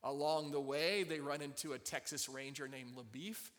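A man's voice: fairly high pitch, normal speed, fairly bright tone. A man preaching a sermon, retelling a Bible story and turning to the congregation to ask them to join in. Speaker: pastor. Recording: long hall reverb.

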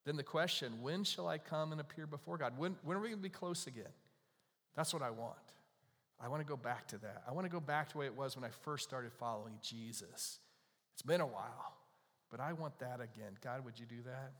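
A man preaching a sermon in a conversational way, with emphatic bursts that drop to soft, quiet lines. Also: medium pitch, a little fast. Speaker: pastor. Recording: long hall reverb.

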